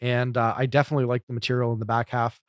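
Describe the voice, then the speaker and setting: A man's voice: medium pitch, flat delivery, rapid-fire, no room sound. Chatty man reviewing comedy, dry sound. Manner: talkative, analytical, many fillers. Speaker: podcast co-host. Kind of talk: casual chat reviewing a comedy show.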